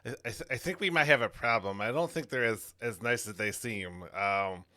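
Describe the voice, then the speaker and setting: A man playing in a tabletop game, halting and searching for words. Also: medium pitch, bright, forceful tone. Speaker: player. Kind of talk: casual game chat.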